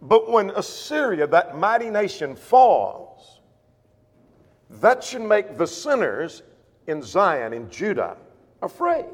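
Male Bible teacher, plain explainer, slightly high voice, reverberant church room. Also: sing-song, slow pace. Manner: explains scripture plainly, rephrases verses, asks rhetorical questions. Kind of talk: verse-by-verse Bible class teaching. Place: church classroom or auditorium. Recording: long reverb of a church hall.

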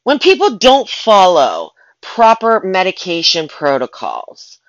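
A woman's voice: fairly low pitch, huge pitch swings, slow pace, no echo, dull audio. A woman who works as a pet sitter and dog walker, ranting in a casual vlog in an exasperated, rambling way with many restarts.

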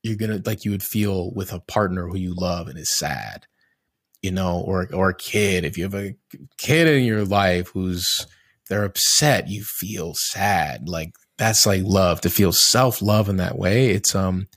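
A man's voice: low-pitched, measured pace, fairly bright tone, dry recording, studio quality. A man in a casual conversation, talking in a reflective, candid way, restarting his sentences often as he searches for words and swearing casually now and then.

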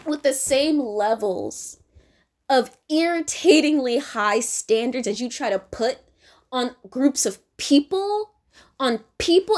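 High-voiced woman ranting bluntly. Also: a little mellow. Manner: blunt, profane, confrontational. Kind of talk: political rant to camera.

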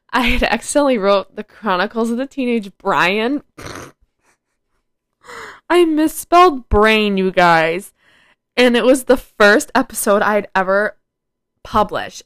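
In a smooth, mid-range voice, a teenage girl hosts her own podcast and chats casually on her own, rambling with lots of "like." The audio is studio quality with no echo.

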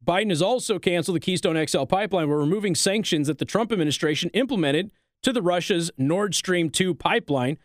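In a dry, close recording free of room sound, a man hosting a political commentary show alternates between reading headlines and firing off mocking rhetorical questions. His fairly high voice carries a needling, sarcastic edge throughout.

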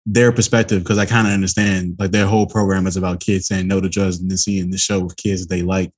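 A young man co-hosting a podcast, talking in a relaxed, blunt, rambling way in casual chat. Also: deep voice, quick pace, breathy edge. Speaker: podcast co-host.

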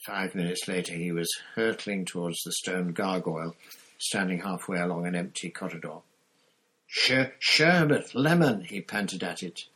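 A man narrating a storybook chapter in a steady reading voice, with an occasional slip and restart. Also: low-pitched, moderate pace, husky, rough recording. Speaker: audiobook reader.

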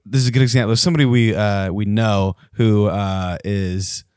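Profane, animated man telling stories. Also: lowish voice, normal speed, clean tone, no echo, studio quality. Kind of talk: casual chat.

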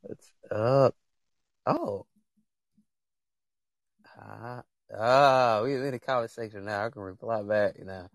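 A man's voice: lowish voice, slow, long pauses, no room sound. Young man, AAVE speech, podcast host, passionate rambling advice, dry close sound. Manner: passionate, rambling, talks straight to viewers. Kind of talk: casual chat, preachy advice.

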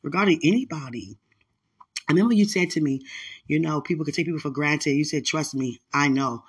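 Speaking fast in a deep, slightly rough voice, this podcast host talks into her phone as she dresses at home. She's playful and teasing, and slightly breathless.

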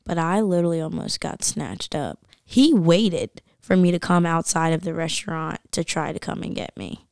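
Young woman, animated storyteller, slightly low voice, dry close sound. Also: moderate pace, vocal fry, few pauses, no echo. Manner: animated storytelling, acts out voices, says "like" constantly. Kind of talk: casual chat.

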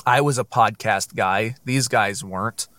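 A man's voice: fairly low pitch, a bit bright, no room sound. A man co-hosting a podcast, speaking casually with many fillers and restarts. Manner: halting, filler-heavy talk. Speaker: podcast co-host. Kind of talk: casual chat.

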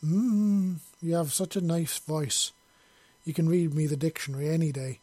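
A man voicing a warm, flirty grown woman, giving patient advice in a storybook reading. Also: on the high side, moderate pace, slightly rough, no echo. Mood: drowsy flirty.

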